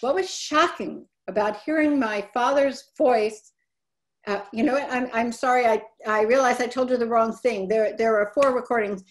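A woman's voice: on the high side, moderate pace. A middle-aged woman presenting a webinar talk, speaking conversationally and often correcting herself. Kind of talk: webinar talk on family papers.

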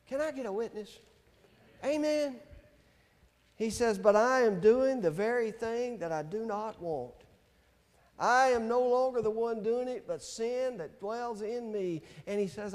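Male pastor, deliberate and emphatic sermon delivery, unhurried pace, church sanctuary. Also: sits high, darkish tone, big-room sound. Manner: slow, emphatic preaching with scripture readings.

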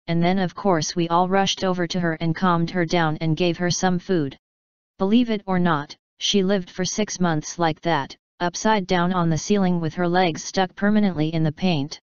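A woman's voice: on the low side, clean tone, no echo, dull audio, lightly acted. A woman voicing a fussy, genteel female spider with a prim, plaintive manner.

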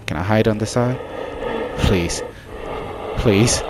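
A man giving casual let's-play commentary on a horror game, excitable and jokey, with frequent startled exclamations. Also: lowish voice, slow pace, pauses often, background noise. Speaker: gaming channel host.

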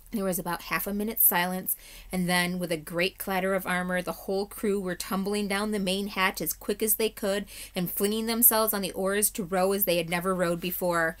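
A woman, a third-grade teacher, reading a chapter book aloud in a steady, measured way. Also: medium pitch.

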